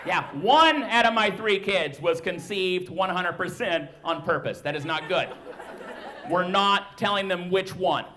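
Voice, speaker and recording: Guy in his 30s doing standup in a club, pretty high voice, noisy live recording with the crowd cracking up. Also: measured pace. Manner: conversational, bursts into loud shrieking impressions of his kids. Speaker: stand-up comedian. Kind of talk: stand-up comedy set. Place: comedy club stage. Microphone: handheld stage mic. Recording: live club recording with audience laughter and noise. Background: audience laughing.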